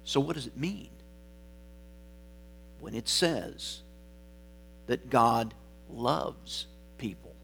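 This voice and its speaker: A man preaching a sermon, deliberate and emphatic, stressing single words and letting phrase endings fall quiet. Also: medium pitch, vocal fry, soft background music.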